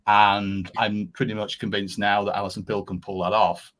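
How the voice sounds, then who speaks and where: A man's voice: on the low side, level tone, moderate pace, fairly bright tone. A man appearing as a guest on a podcast, chatting enthusiastically and rambling with frequent restarts. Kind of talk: casual podcast chat.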